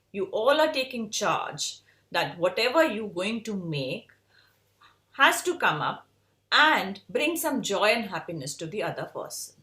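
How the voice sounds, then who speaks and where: A woman's voice: mid-range voice, sharp tone, roomy sound. A woman with an Indian English accent giving an earnest, emphatic motivational talk to design students as an educator.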